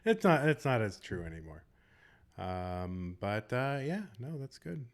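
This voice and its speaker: A chatty Boston man provides casual live game commentary as a tournament commentator, rambling and tossing in joking asides. His voice is fairly low with big pitch swings, and he talks a little slowly.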